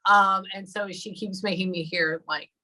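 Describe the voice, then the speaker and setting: A woman in her thirties giving a spirit reading, talking haltingly and thinking aloud with many pauses. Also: medium pitch, fairly even intonation, bright, forceful tone, rough recording. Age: 30s. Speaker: psychic medium.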